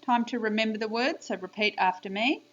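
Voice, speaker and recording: Woman, encouraging early-years teacher voice, slow and clear, lo-fi home video audio. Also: on the high side. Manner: bright, encouraging, slow and clear, sing-song teacher talk. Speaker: primary school teacher. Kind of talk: recorded spelling lesson for young children.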